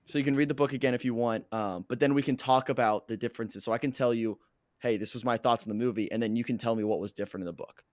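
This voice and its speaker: Hoarse male co-host, an excitable sports fan, with a dry, close sound. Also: mid-range voice, rapid-fire, hardly any pauses, no room sound. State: hoarse, lost his voice. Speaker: podcast co-host; coach. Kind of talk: casual sports chat.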